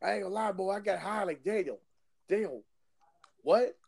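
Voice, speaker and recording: Male co-host, high-pitched, mellow tone, profane joker. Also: moderate pace, gravelly, no room sound. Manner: joking, profane, animated interjections. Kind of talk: casual chat.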